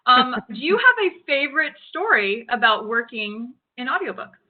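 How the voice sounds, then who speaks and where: A woman's voice: sits high, big pitch swings, normal speed. A woman hosting a casual video call chat, bubbly and laughing often, talking into a home microphone. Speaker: host. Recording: tinny phone-like audio.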